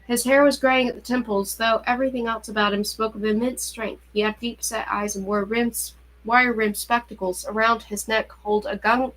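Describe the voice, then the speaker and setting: A woman reading a young-adult novel aloud with a steady, even narration. Her voice sits a little high for a woman, and she keeps an unhurried storytelling pace. The delivery is plain reading rather than performance. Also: poor audio. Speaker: reader. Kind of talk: audiobook-style novel reading.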